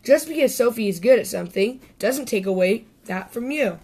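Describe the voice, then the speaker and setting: A woman voicing a warm, patient mother squirrel in a storybook, speaking gently and reassuringly. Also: fairly high pitch, expressive, normal speed, slightly rough. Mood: gentle.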